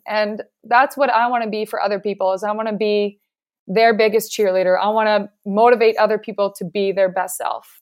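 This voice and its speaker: A woman's voice: mid-range voice, fairly even intonation, fairly quick. Earnest woman guest, reflective. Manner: earnest, reflective, talks at length. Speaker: guest, physical therapist. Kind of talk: casual podcast interview.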